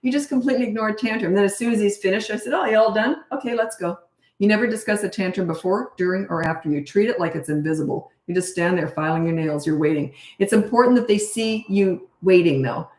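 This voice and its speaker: A middle-aged woman parenting coach answering questions in a blunt, brisk, no-nonsense way. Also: mid-range voice, a little mellow. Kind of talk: casual Q&A advice. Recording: echoey room.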